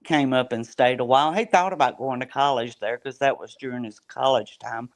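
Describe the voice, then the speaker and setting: A middle-aged woman chatting casually as a panel guest, self-deprecating and quick to laugh. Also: very deep voice. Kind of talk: casual chat.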